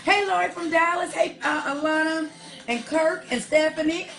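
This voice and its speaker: A woman's voice: very high voice, fairly even intonation, moderate pace, creaky. A woman hosting a live online show, chatting casually and affectionately with viewers, calling them darling and honey and saying y'all a lot. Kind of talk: casual livestream chat reading viewer shout-outs. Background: R&B song playing softly.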